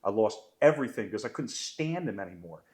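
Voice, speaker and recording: A man, co-hosting a podcast and telling animated referee stories in casual chat. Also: fairly low pitch, fast. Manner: animated, gets loud and excited telling stories. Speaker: podcast co-host, sports referee.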